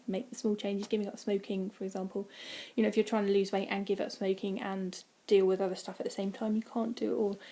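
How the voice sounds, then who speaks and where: A woman chatting casually from home in a vlog, rambling with many ums and dropping into quiet, breathy asides. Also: medium pitch. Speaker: vlogger. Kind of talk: casual weight-loss vlog. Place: indoors at home, by a window.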